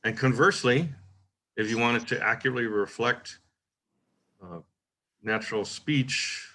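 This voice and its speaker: A man hosting a poetry workshop, giving a relaxed, informal lecture and reading the same example line aloud in different ways. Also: mid-range voice, a little slow, a little hiss or hum. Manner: relaxed, thinking aloud with frequent "uh" and "right?".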